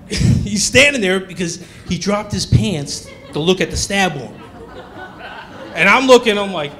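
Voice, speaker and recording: A male stand-up comedian telling a story on a comedy club stage in an animated way, acting out the characters. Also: high voice, unhurried, long pauses.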